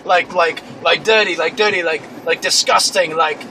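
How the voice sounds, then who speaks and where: A man's voice: on the high side, steady tone, moderate pace, bright, forceful tone, a little hiss or hum, low-quality recording. A young man improvising a crude, clueless young British man who rambles, stammers and swears constantly, with a put-on British accent. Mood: boastful. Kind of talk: improvised comedy monologue.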